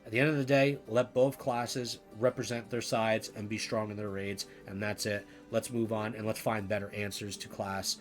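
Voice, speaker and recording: A man's voice: fairly low pitch, level tone, moderate pace, hardly any pauses, soft background music. A man talking through game class changes in a loose, rambling way, full of "you know" fillers and restarts. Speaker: gaming video creator. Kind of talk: casual commentary to camera.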